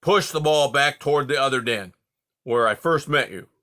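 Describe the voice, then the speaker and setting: A man voicing a grumpy, sharp-tongued old male porcupine in a storybook reading, with a gruff, snappish delivery. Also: medium pitch, moderate pace. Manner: gruff, snappish, louder than the narration.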